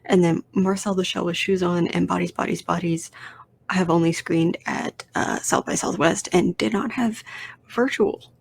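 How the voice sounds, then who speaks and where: A woman's voice: fairly low pitch, fairly even intonation, moderate pace, gravelly, breathy edge. A woman hosting her own podcast, talking casually and rambling with lots of fillers, restarts and self-deprecating asides. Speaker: podcast host. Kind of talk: casual solo podcast talk.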